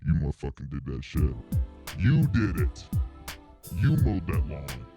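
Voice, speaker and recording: Dude doing a super low gravelly macho guy bragging loud, total swagger. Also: big pitch swings, measured pace, over music, exaggerated voice. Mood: boastful. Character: boastful macho grown man, loud and gruff.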